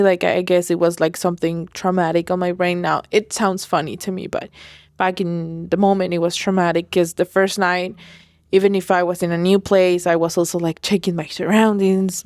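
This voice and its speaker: Slow-talking woman telling a personal story. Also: lowish voice, dry recording, clean studio sound. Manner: rambling, full of fillers and self-corrections. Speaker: podcast host. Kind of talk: personal diary-style storytelling.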